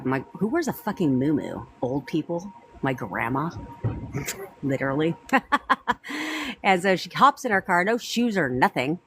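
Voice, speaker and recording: A woman coach in her thirties tells a personal story on a live stream in a slightly low voice. She swears freely and sounds petty and gossipy. A faint noise hangs under the phone recording. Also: rough recording. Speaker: manifestation coach.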